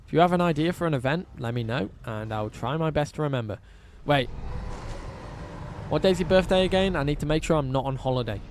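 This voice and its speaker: A man hosting a live game stream in a loose, chatty voice that swings up and down a lot. His pitch sits a little high, with a faint hiss behind him. He answers viewers as he plays and swears freely. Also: animated, fairly quick, darkish tone. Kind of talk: casual live-stream chat.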